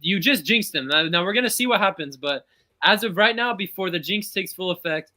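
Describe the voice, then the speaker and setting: A man's voice: high-pitched, expressive, brisk, bright, forceful tone. A man co-hosting a casual football podcast, talking through transfers in a chatty, analytical way. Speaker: podcast co-host.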